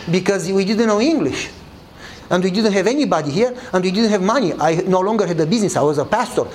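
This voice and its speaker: A pastor tells a sermon story in English with non-native grammar, animatedly acting out dialogue and shifting his pitch. The recording is low quality with slight background noise.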